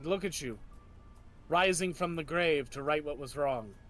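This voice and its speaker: A man's voice: a little high, unhurried, fairly bright tone, soft background music. A man running a tabletop role-playing game, narrating and speaking for the characters. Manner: plays a scolding old witch in character. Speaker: game master.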